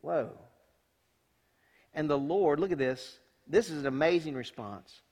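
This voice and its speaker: A man preaching from the pulpit, his voice pitched a little high and carrying a long, ringing reverb from the hall. He reads scripture and comments on it in a folksy, emphatic style, rising to loud bursts and dropping to hushed asides. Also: measured pace. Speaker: senior pastor. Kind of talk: sermon with scripture reading.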